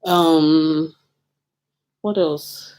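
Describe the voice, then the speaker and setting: A woman's voice: low voice, steady tone, very slow, a little mellow. A woman in her thirties chatting casually to her viewers, candid and talkative, repeating phrases for emphasis. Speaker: vlogger answering viewer questions. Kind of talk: casual get-to-know-me chat.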